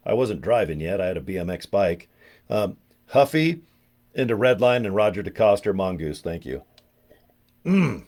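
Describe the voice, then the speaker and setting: Telling meandering, humorous stories in a relaxed monologue, a fifty-something online marketer from California comes across as an animated, chatty storyteller. His pitch is fairly low, his speed normal, and he leaves long pauses.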